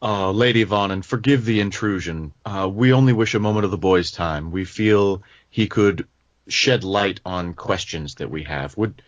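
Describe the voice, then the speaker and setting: A man playing a polite warrior who speaks in careful, courtly phrases. His voice sits low and sounds close and dry. He bows with every word. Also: moderate pace, no room sound, lightly acted. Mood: courteous. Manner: formal, courtly diction. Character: courteous warrior, formal and deferential.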